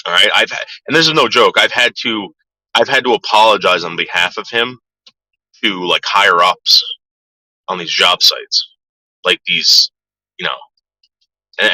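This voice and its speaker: A man with a fairly low voice and a sharp, forceful edge talks straight to his viewers. He rambles through a story bluntly, with plenty of swearing. The sound is dry, with no room around it. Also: dry recording, poor audio. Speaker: vlogger. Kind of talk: casual storytelling to camera.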